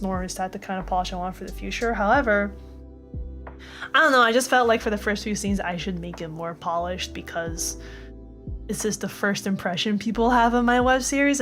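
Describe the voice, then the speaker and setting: A woman animator chatting casually on a live stream, upbeat and thanking viewers as she goes. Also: mid-range voice.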